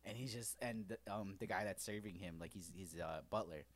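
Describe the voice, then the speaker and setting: A man's voice: sits low, fairly quick. A man co-hosting a podcast, retelling comedy movie scenes in a casual chat and swearing freely. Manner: animated storyteller who swears casually. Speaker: podcast co-host.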